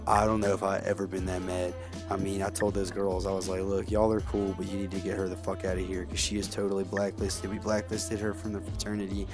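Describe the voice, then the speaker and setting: A man's voice: low voice, completely flat delivery, a little fast. A young man swearing freely as he tells a heated story and comments on a game. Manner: profane, blunt and heated. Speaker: let's play host. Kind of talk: casual gameplay commentary and storytelling. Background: game music.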